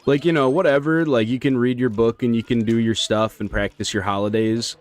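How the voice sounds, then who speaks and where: A man's voice: medium pitch, fairly even intonation, a little fast. A man chatting casually on a live stream while playing, rambling and slangy. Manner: rambling, slangy, laid-back. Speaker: speedrun streamer.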